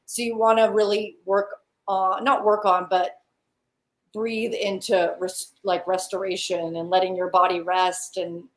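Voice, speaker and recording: A woman's voice: mid-range voice, level tone, a little slow. A woman, a psychic and healer, talking in a casual chat, earnest and thoughtful, often restarting her sentences.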